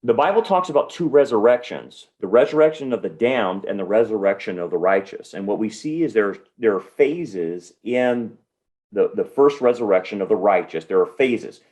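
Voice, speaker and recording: Middle-aged pastor guy, low voice, calm and explaining things step by step. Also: highs cut off. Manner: calm, explanatory, steady teaching. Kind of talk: Bible teaching in a podcast Q&A.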